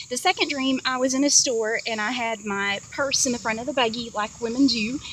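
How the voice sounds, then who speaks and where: A woman's voice: on the high side, fairly bright tone, a little hiss or hum, poor audio. Chatty woman vlogging from her car. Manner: chatty, rambling, many fillers and asides. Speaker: vlogger sharing dreams. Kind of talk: casual storytelling vlog. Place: inside a parked car on a hot day.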